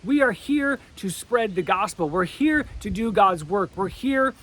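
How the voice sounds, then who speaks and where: A middle-aged man with a notably high-pitched voice gives a devotional message. He talks casually, in a storytelling way, stumbling into restarts and loose asides as he goes. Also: animated, unhurried, a bit bright. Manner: conversational storytelling with rambling restarts. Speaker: preacher.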